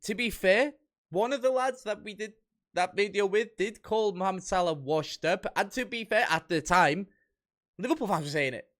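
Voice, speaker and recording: A man's voice: high-pitched, normal speed, a bit bright. A young man giving casual reaction commentary, reading comments aloud and picking them apart with wry amusement.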